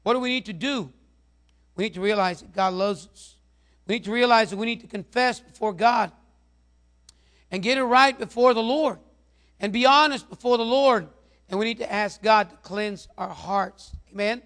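A man's voice: sits high, normal speed, fairly bright tone. A male pastor preaching a sermon, rambling, with many repeated words and fillers.

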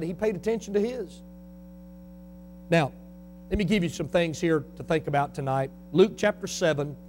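Fiery high-voiced preacher man. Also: a little hiss or hum. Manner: fiery, swings between shouting and quiet. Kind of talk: sermon.

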